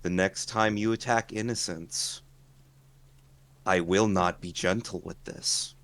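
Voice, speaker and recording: A man's voice: low-pitched, fairly even intonation, takes it slowly, fairly bright tone, full character voice. A man voicing a stern, threatening warrior character who speaks in a menacing way.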